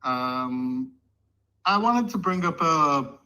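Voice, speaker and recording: Hesitant man with a bright, tense voice. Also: on the high side, lively intonation, takes it slowly, rough recording. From Israel. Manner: hesitant, many restarts. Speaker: call-in guest.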